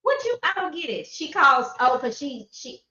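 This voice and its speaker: A woman's voice: high-pitched, very animated, moderate pace, pushed and bright. A woman hosting a live podcast chat over a video call in a chatty way. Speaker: podcast host. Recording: dull, echoey video call audio.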